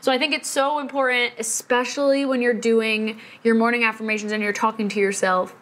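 A young adult woman hosts her own vlog, speaking briskly in a fairly high-pitched, level-toned voice. Her upbeat motivational talk comes across as bubbly, enthusiastic and encouraging.

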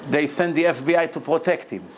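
A man giving a Torah lecture as a rabbi, animated and dramatic, laughing often and acting out quotes. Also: a little high, brisk, a little hiss or hum.

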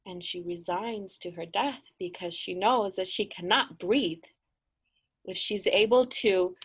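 A middle-aged woman and midwife telling a folk tale aloud, in a hushed, drawn-out way with dramatic pauses. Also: medium pitch, slightly rough, rough recording. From US-Mexico border region. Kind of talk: oral storytelling.

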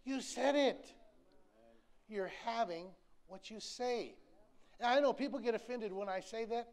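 A man's voice: high voice, brisk. A man, preaching a sermon in an emphatic, folksy, repetitive way with touches of humor. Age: 60s. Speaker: pastor.

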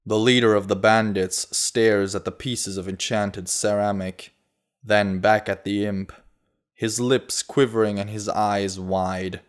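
A man narrating a fantasy audiobook in a steady, measured way. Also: lowish voice.

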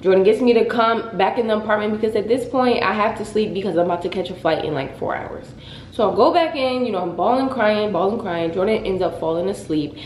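A young woman casually telling a dramatic story on her vlog, in a lively, expressive way. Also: medium pitch, fairly quick, slight background noise. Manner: dramatic, animated retelling. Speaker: vlogger. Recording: echoey room.

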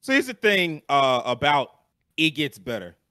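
A young adult man co-hosting a podcast in casual chat, animated and swearing freely with lots of fillers. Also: a little high, normal speed, no room sound. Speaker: podcast co-host.

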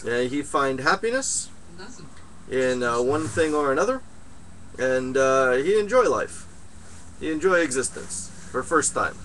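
A man voicing a solemn mystic guru who speaks broken English and drops his articles, pausing with slow "uh"s in an improvised comedy sketch. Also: medium pitch, expressive, fairly bright tone, a little hiss or hum, pitched below the performer's own voice, rough recording. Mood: preachy.

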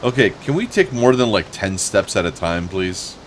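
A man's voice: on the low side, lively intonation, moderate pace, slight background noise. A young man giving casual, sarcastic gameplay commentary as a let's play host, swearing freely and joking at the game.

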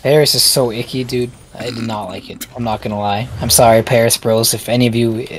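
Excitable man playing a game. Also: mid-range voice, a little fast, slight background noise, rough recording. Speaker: gamer. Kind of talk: casual gaming chat.

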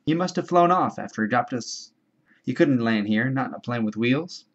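A man's voice: medium pitch, lively intonation, moderate pace, muffled recording. A man voicing a casual, offhand schoolboy in a storybook reading. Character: offhand, lively fair-haired schoolboy.

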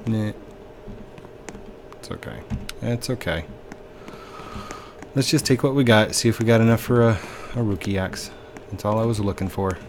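A man's voice: on the low side, moderate pace, long pauses, background noise. A man casually commenting on his own gameplay as host, chatty and sighing at glitches. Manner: chatty, sighing, mildly exasperated. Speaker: gaming video host. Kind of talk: casual let's-play commentary.

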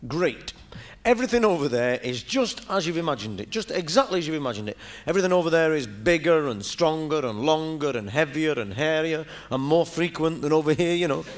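A man with a Northern English accent doing a rambling, chatty live stand-up monologue in front of an audience. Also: a little high. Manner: rambling, chatty storytelling with asides. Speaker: comedian.

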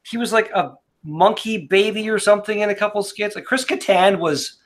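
Man, casual beer chat, fairly high pitch, rambling, cursing. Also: moderate pace. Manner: rambling, restarts, swears freely. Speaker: podcast co-host reviewing beer.

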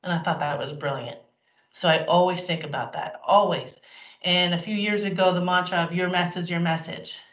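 A woman's voice: fairly low pitch, steady tone, moderate pace, a bit bright. A middle-aged woman giving a candid, emphatic motivational talk to an audience, acting out the things people said. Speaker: speaker. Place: event hall. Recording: roomy, dull lo-fi sound.

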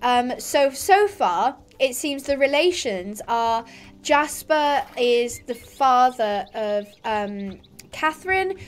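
A woman's voice: fairly high pitch, expressive, takes it slowly, smooth. A woman chatting casually over her gameplay, rambling and reading quest lines aloud. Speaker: gaming youtuber.

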